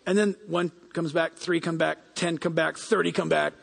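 A man preaching a sermon as pastor, animated and acting out the people he quotes. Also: on the high side, moderate pace, vocal fry. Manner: animated, acts out quoted people in raised voices. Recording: long hall reverb.

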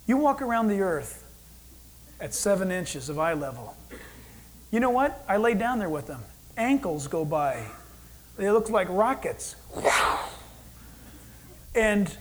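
Animated preaching man, faint noise. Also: sits high, low-quality recording. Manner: animated, voicing God in quoted asides. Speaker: pastor. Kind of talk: sermon.

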